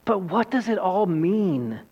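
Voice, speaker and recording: A man's voice: sits high, big pitch swings, slow, darkish tone, husky, highs cut off, full character voice. A man voicing an anxious, questioning young girl while reading a story in a sermon. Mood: worried. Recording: long hall reverb.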